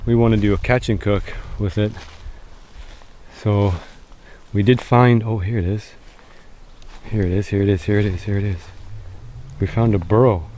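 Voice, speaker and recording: A man's voice: lowish voice, steady tone, moderate pace, long pauses, dark tone, a little hiss or hum. A man narrating an outdoor survival vlog, chatty and speaking straight to viewers, outdoors in rural fields at dusk. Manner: chatty, addresses viewers as guys. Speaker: survival challenge vlogger.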